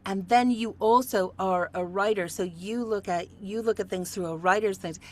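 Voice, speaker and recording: A woman's voice: medium pitch, normal speed. A woman hosting an interview as an acting coach, speaking earnestly and often repeating words as she gets going. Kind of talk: casual interview talk.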